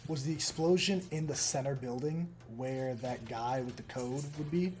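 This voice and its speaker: A man in a tabletop game keeps asking questions about the game world in a casual, curious way. His voice sits at a middle pitch, with faint music behind him. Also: normal speed, a little mellow. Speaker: player.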